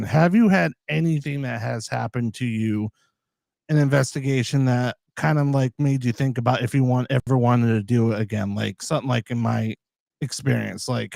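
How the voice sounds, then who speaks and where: A man's voice: medium pitch, creaky, a little mellow, no echo. A man hosting a casual live chat show, rambling and self-described as caffeinated and all over the place. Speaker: livestream host.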